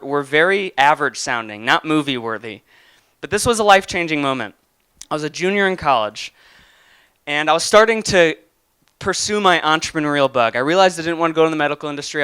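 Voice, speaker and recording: A man's voice: on the high side, pushed and bright, smooth, no echo, studio quality. A young man giving an earnest motivational talk and telling a personal story, with some restarts. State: getting emotional. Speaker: motivational speaker.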